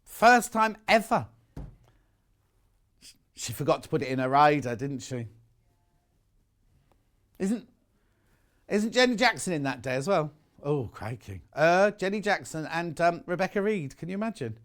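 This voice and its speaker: A man's voice: a little high, sing-song, measured pace, long pauses, a bit bright. A man presenting live shopping television, chatting and bantering with his co-workers. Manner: chatty, bantering, chuckling asides.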